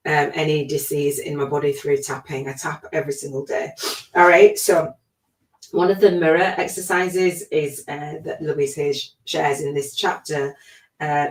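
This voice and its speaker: Low-voiced middle-aged woman in an echoey room. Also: distant mic. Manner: chatty and reflective, with many fillers. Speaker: spiritual life coach hosting a podcast. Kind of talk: casual spoken monologue. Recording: echoey room, voice away from the mic.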